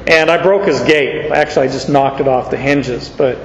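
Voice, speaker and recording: A man's voice: medium pitch, normal speed, echoey room, in a large hall, lo-fi sound, a little hiss or hum. A man preaching a sermon, telling a personal story in a folksy, conversational way.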